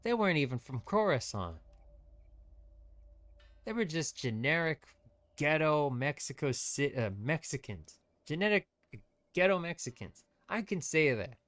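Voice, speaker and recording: A man's voice: fairly high pitch, big pitch swings, a little slow, a bit bright. A man streaming gameplay, ranting with strong opinions in loose, rambling commentary. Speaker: VTuber streamer.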